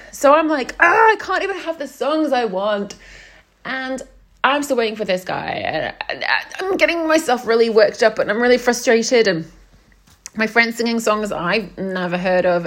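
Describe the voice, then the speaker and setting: A young woman telling a story in a casual vlog, exasperated and quoting people as she goes. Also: on the high side. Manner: exasperated, animated retelling with acted-out quotes. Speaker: vlogger.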